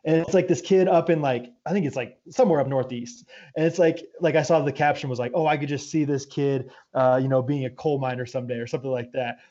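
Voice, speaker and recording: A young man co-hosting a casual podcast chat, animated and jokey. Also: mid-range voice, dull audio. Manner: animated, quick to laugh, jokey. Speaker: podcast co-host.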